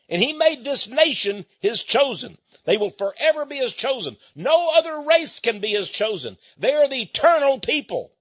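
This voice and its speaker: This man's voice is high-pitched, somewhat bright and husky, recorded dry with no room sound on dull lo-fi equipment. Speaking to his listeners like a preacher, he stretches out important words, repeats points and lets out occasional chuckles.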